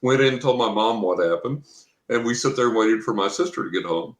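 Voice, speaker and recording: A man from Texas, a professional psychic reader, is a guest in an interview with roomy echo in the recording. Speaking briskly in a mid-range voice, he rambles through a personal story and acts out what people said.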